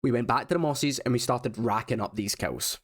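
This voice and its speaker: A man's voice: medium pitch, fairly quick. Wry male gaming voice-over. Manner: wry, self-mocking banter. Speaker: gaming YouTuber. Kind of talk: casual game commentary voice-over.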